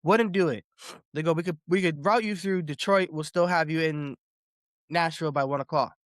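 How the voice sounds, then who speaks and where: Man, podcast host, slightly high voice, excitable storytelling, dry close sound. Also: moderate pace, dry recording. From Boston area. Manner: animated storytelling, swears freely, repeats words. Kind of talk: casual podcast chat.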